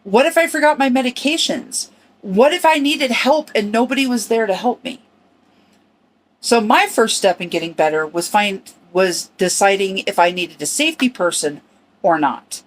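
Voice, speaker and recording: A middle-aged woman talks in an earnest, personal podcast monologue. She speaks in short phrases with small restarts, reflective and sincere, her voice sitting at an ordinary pitch for a woman. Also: expressive, moderate pace. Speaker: podcast host.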